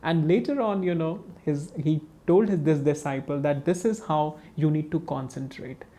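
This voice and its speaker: A man speaks gently in a spiritual webinar talk. His voice is mellow and warm, and he pauses often with soft fillers. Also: fairly high pitch. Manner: gentle storytelling with hesitations. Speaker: spiritual teacher.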